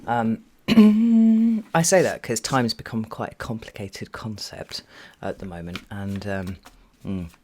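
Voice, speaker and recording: A man's voice: fairly low pitch, lively intonation, slow pace, darkish tone, slight background noise. Chatty, rambling tarot reader man. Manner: chatty and meandering, with many fillers. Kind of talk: casual tarot reading monologue.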